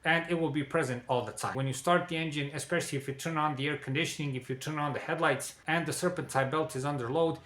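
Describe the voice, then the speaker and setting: A man teaching car maintenance in a clear, instructional way, pausing to check in with viewers. His voice is bright and forceful and sits a bit high for a man. The sound carries the roomy echo of a garage. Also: steady tone. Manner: repeats "okay?" and addresses "dear viewers". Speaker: car repair presenter. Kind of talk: instructional explainer.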